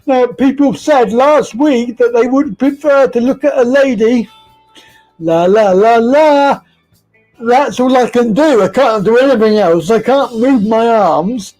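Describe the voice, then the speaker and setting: High, playful man on a live stream. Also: unhurried, few pauses, a little mellow, soft background music, poor audio. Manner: playful, silly, giggly, greeting viewers. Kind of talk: casual live stream chat.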